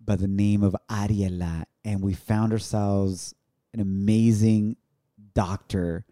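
A man's voice: fairly low pitch, takes it slowly. A man co-hosting a podcast, telling a story casually and acting out the quoted dialogue with energy. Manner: animated, acts out quoted dialogue. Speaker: podcast co-host.

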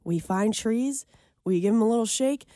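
A woman's voice: a little high, moderate pace, dark tone, dry recording, clean studio sound. A young woman co-hosting a radio show, chatty and giggly. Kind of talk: casual chat.

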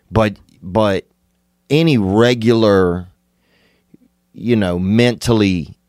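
Deep-voiced man rambling comically. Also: dry recording, clean studio sound. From Louisiana. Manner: laid-back, absurd digressions with sudden excited jumps. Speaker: podcast host. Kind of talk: rambling comedic monologue.

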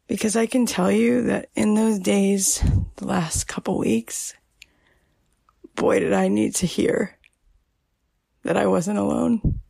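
Woman podcast host, very gravelly and raspy, slow soft talk that slips into whispers. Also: mid-range voice, dry recording. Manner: soft, emotional, often drops to a whisper. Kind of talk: personal podcast monologue.

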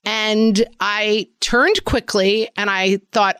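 A woman of fifty co-hosting a podcast, telling stories in a wry, self-mocking, animated way. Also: medium pitch, slow, clean tone, no room sound. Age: 50s. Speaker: podcast co-host. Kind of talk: casual chat.

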